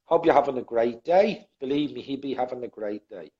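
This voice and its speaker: A man's voice: medium pitch, brisk, muffled recording. A man hosting a casual online chat show, effusive and jokey, laughing a lot with his guest. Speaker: show host.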